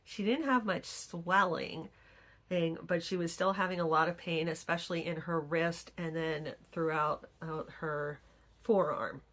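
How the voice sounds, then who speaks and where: A woman's voice: lowish voice, fairly even intonation, a little slow, fairly bright tone. A middle-aged woman vlogger telling stories in casual chat, acting out the people she quotes. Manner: chatty storytelling, acts out quoted people.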